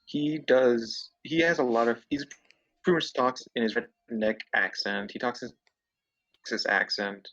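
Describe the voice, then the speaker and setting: A man pushes his side of a casual podcast debate, insistent and rambling. He sits back from the mic, and the sound is dull and muffled. His pitch sits mid-range. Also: fairly even intonation, unhurried, fairly bright tone, far from the mic. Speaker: co-host debating wrestlers.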